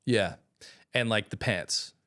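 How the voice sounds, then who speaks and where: A man's voice: lowish voice, slow pace, a bit bright. A man hosting a podcast, friendly and laughing easily as he explains slang. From Australia. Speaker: podcast host. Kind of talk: casual conversation.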